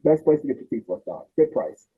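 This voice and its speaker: Animated older man telling stories. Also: fairly high pitch, fairly quick, breathy edge. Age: 60s. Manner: animated, acts out relatives' voices. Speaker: podcast host. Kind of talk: storytelling in casual chat. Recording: tinny phone-like audio.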